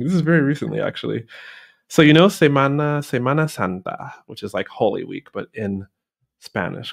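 A man hosting a podcast, telling anecdotes in a relaxed, laughing conversational way. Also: on the low side, vocal fry. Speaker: podcast host. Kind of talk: casual conversation.

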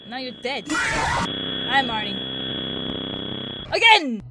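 A young woman hosting a let's play of a horror game, chattering excitedly and shrieking at scares. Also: high-pitched, a little slow, pauses often, background noise. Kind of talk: excitable gameplay commentary. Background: game music.

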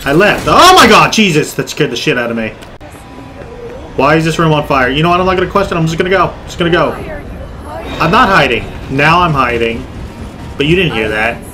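A man giving loud, jokey game commentary, swearing and yelping in fright as he plays. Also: a little high, expressive, brisk, long pauses, music in the background. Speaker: gaming video creator.

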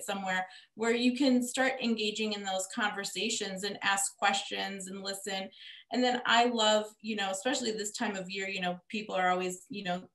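A woman hosting a podcast, chatting casually with lots of fillers and getting animated. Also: medium pitch. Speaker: podcast host. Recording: echoey room.

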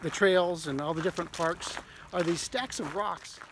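Guy from ohio cohosting, bit high voice, lots of ums, noisy outdoor mic. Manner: halting, many fillers, laughs often. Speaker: co-host. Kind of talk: casual chat.

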